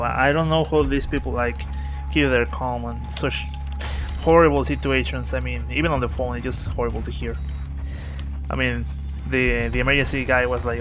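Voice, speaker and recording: A man giving casual let's-play commentary, telling a story in a halting, rambling way with many restarts. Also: medium pitch, soft background music, rough recording. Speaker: gaming video host. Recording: steady game noise behind voice. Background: video game sounds.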